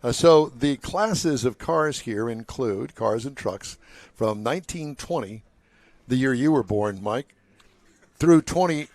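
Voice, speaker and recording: A man's voice: medium pitch, animated, slow, a little mellow, dry recording. Older guy hosting a car show broadcast, chatty and jokey, dry close sound. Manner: chatty, joking with co-hosts. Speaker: host. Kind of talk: live radio-style talk show. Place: outdoor waterfront car show.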